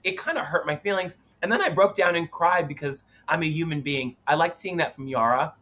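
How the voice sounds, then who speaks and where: A man's voice: a little high, animated, a little fast, hardly any pauses, pushed and bright. A man in his thirties co-hosting a casual chat, talking dramatically and acting out other people's voices. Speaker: co-host.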